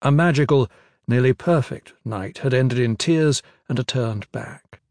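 A man narrating a fantasy novel in a measured, even storytelling manner into a close studio mic. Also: mid-range voice, dry recording. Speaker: audiobook narrator.

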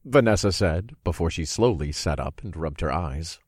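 A man reads a first-person audiobook in a very low, husky voice. His pitch moves in a lively, animated way through the story, and the recording is close and dry. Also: moderate pace, no room sound. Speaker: audiobook narrator.

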